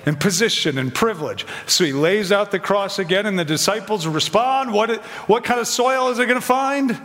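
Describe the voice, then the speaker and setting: Guy preaching, chatty sermon, kinda high voice, echoey hall. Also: big pitch swings, moderate pace, fairly bright tone. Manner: conversational, acts out quoted voices, asks questions.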